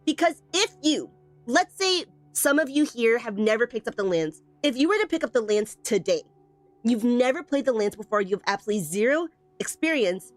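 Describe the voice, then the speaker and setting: Teaching viewers a game weapon on a live stream, this woman teases them playfully and hammers her points through repetition while responding to chat. Her fairly high, expressive voice moves briskly over soft background music in a dry recording.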